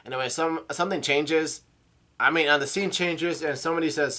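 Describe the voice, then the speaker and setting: A man host reads through a comic chapter in a casual, halting way. He trips over names and adds his own asides, and his voice is bright and forceful. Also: a little high, steady tone. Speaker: manga reader and channel host.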